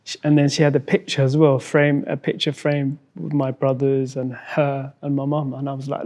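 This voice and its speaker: A man from Somalia, a guest in an interview, telling a personal story in a halting way, repeating words and acting out what others said. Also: medium pitch, level tone, warm tone. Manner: halting, repeats words, acts out quoted dialogue.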